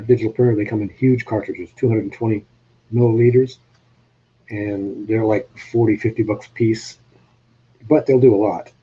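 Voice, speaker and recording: A man's voice: fairly low pitch, husky, dull audio. A man with a New England accent hosting a casual live-stream chat, easygoing and plain-spoken. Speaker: host.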